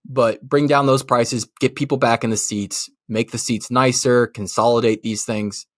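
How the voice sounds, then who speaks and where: A man's voice: medium pitch, fairly even intonation, normal speed, no echo, studio quality. A man co-hosting a movie podcast, talking loosely and profanely, laughing as he rants. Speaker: podcast co-host. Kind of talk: casual chat.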